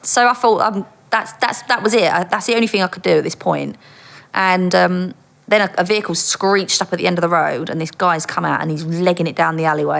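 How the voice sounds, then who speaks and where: A woman with a slightly low voice tells a story as an interview guest. She is a former undercover police officer and talks with bright energy, throwing herself into the quoted lines and laughing often. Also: a little fast, vocal fry. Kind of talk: animated anecdote telling.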